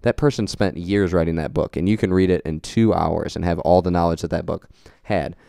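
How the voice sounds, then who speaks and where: A man's voice: low voice, fairly even intonation, brisk, vocal fry, dark tone, dry recording, studio quality. A young man co-hosting a podcast in casual chat, talking earnestly and rambling a little about goals and motivation. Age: young adult. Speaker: podcast co-host.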